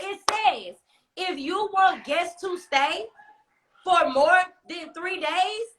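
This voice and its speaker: A young woman telling a story casually on a phone live stream, animated and sassy, cursing heavily and hammering points with repetition. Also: very high-pitched. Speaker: storyteller host.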